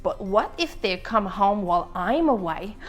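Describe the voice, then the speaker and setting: A woman's voice: medium pitch, lively intonation, a little slow, soft background music, voice pushed down, natural voice. A woman voicing a chatty, easily flustered little male egg who leads his friends, in a storytime read-aloud. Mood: worried.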